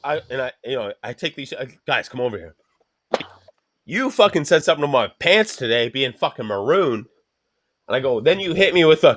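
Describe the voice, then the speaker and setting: Profane, animated man telling a story. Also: medium pitch, fast, dry recording, clean studio sound. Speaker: podcast co-host. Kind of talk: casual chat, storytelling.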